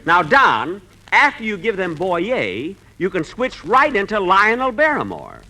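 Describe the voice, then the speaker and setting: 1940s radio comic host, bright, swooping indignation. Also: male voice, sits high, wildly swooping pitch, measured pace. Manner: exasperated, indignant comic timing. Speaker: comedy show host.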